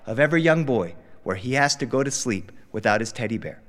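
A man's voice: mid-range voice, animated, brisk, a bit bright, big-room sound, pitched below the performer's own voice, close to an everyday voice. A man playing a frustrated but loving Cuban father with a Cuban accent who mixes Spanish and English. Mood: exasperated. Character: frustrated Cuban dad, loving, short-tempered.

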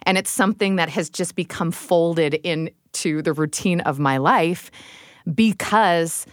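A woman's voice: lowish voice, unhurried, smooth, no echo. A middle-aged woman hosting a podcast, chatting casually and laughing at herself. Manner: chatty, self-deprecating, laughs easily. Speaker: podcast host. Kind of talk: casual chat.

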